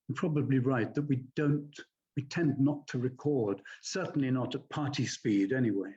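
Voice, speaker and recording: A man's voice: mid-range voice, mellow. Older man explaining narration technique, muffled audio. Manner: measured, explanatory, demonstrates readings aloud. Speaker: guest, actor and audiobook narrator. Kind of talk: conversational teaching.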